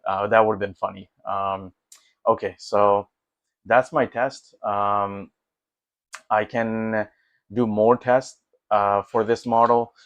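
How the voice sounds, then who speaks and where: A man with a fairly low voice chats through his tech test results in an easygoing, rambling way. He leans on fillers and restarts his sentences, sounding excited more than polished, and the dry recording has no room echo. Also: muffled recording. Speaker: tech vlogger. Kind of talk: casual walkthrough commentary.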